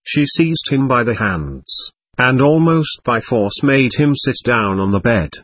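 Husky-voiced male audiobook narrator. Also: medium pitch, a little slow, dry recording. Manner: steady storytelling. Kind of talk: audiobook narration of a classic novel.

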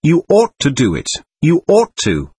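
A man's voice: mid-range voice, very animated, moderate pace, breathy edge, no room sound. A man reading an earnest, insistent young man. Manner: emphatic, pleading.

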